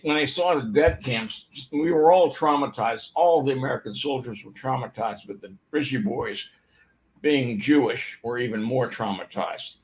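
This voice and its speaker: A man's voice: medium pitch, fairly bright tone, rough recording. An older man giving an informal history talk, telling stories with many fillers and restarts. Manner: storytelling, rambling with fillers and restarts.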